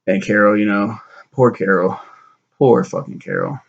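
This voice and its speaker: Young dude doing a sarcastic sweary show recap, raspy fry in his voice, kinda muffled lo-fi audio. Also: on the low side, wildly swooping pitch, moderate pace. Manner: rambling, sarcastic, swears a lot, acts out characters' lines. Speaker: show reviewer. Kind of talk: casual profane recap.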